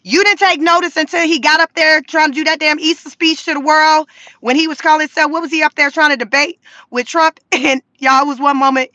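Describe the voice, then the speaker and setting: Brash high-voiced woman ranting in her car. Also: fairly even intonation, a little fast, pushed and bright, no room sound. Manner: blunt, profane, mocking. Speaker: vlogger. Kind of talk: casual commentary rant. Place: inside a car.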